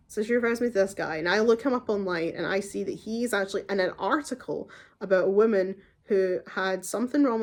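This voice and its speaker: A woman's voice: mid-range voice, darkish tone. A young woman vlogger telling a long story to camera in a chatty, rambling way. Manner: chatty and rambling, with frequent "like" and restarts.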